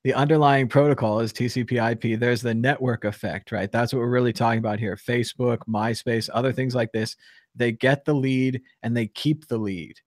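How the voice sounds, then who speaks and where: A man hosting a live call-in talk show, speaking in an animated, opinionated way with geeky tangents. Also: medium pitch, a little fast, no room sound, studio quality. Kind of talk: casual live call-in discussion.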